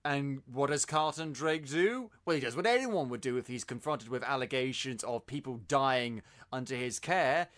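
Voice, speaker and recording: A man hosting a podcast, reviewing a film in casual chat, exasperated and ranting with quick asides. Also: medium pitch, lively intonation, a bit bright. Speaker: podcast host.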